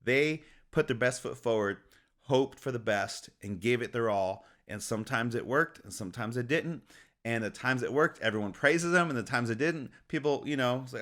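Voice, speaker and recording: A man giving an encouraging, motivational faith talk, upbeat and quick to laugh. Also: medium pitch, a bit bright. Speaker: faith speaker.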